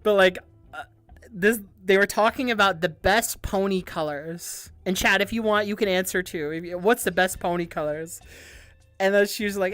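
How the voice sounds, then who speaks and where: A woman hosting a casual livestream, answering viewer questions in a rambling, excitable way, swearing and laughing often. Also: mid-range voice, moderate pace, faint music behind. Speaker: VTuber livestream host.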